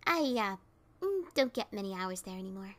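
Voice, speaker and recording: A woman's voice: medium pitch, expressive, moderate pace, lightly acted. A woman voicing a cheerful, sheepish adult mare who works as a mail carrier, in a fan reading of a pony story.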